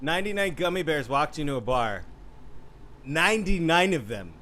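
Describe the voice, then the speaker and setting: Lively man hosting an improv game. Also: on the high side, moderate pace, slight background noise. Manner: lively, calling on players and joking. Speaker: improv show host. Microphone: video call.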